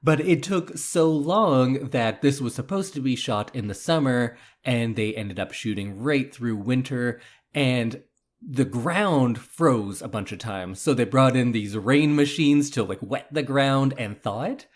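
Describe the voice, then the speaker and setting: Male podcast co-host, mid pitch, conversational explainer, relaxed storyteller. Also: unhurried. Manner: explanatory, storytelling about film history. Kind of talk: casual film discussion.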